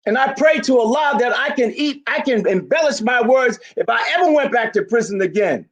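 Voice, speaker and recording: A man in his eighties giving an impassioned public speech at a community rally, forceful and emphatic, often breaking into shouts. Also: very high-pitched, expressive, brisk. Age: 80s.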